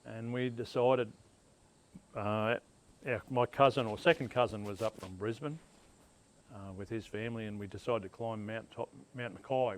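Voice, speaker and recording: A man's voice: fairly low pitch, low-quality recording. Older Australian man spinning a yarn. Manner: rambling, laid-back yarn-spinning with laughs. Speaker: interviewee. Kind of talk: casual storytelling.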